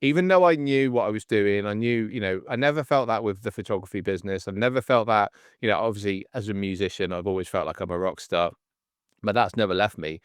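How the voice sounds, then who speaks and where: A man in his forties hosting a casual podcast chat, telling stories in an animated way and acting out the people in them. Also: on the low side, fast, smooth, no echo, studio quality. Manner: animated storyteller, acts out the voices in his stories. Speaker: podcast host and coach.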